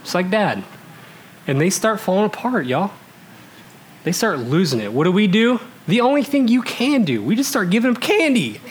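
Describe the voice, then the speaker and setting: A man in his thirties from Alaska tells a funny story to a live crowd in a high voice. His pitch leaps and drops all over, and he laughs as he goes, shifting from loud bursts to hushed asides. A faint wash of room noise sits behind him. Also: sing-song, moderate pace. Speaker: storyteller before a live audience. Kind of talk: comic storytelling.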